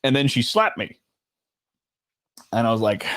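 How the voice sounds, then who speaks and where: A man's voice: medium pitch, sing-song, normal speed, long pauses, fairly bright tone, dry recording. Blunt, profane Australian man. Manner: profane, blunt, laughing asides. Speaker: storytelling host. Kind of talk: casual storytime chat, reacting to comments.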